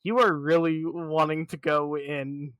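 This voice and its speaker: Laid-back, bright-voiced podcast man. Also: on the high side, fairly even intonation, a little slow, no room sound. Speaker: podcast co-host. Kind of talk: casual podcast banter.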